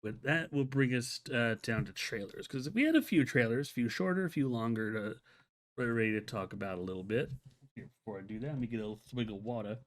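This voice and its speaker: A man's voice: medium pitch, animated, fast. A man hosting a solo live-stream show, chatting casually and enthusiastically, rambling with many restarts and filler words.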